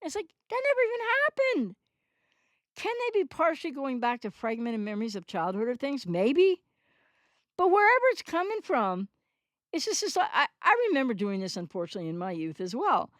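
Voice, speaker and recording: A woman in her sixties with a fairly high voice talks straight to the camera in an unscripted monologue. She rambles and is candid, stopping to correct herself as she goes. The sound is close and dry, with no room behind it. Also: sing-song, fairly quick, no room sound. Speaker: recovery channel host. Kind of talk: unscripted monologue answering a commenter.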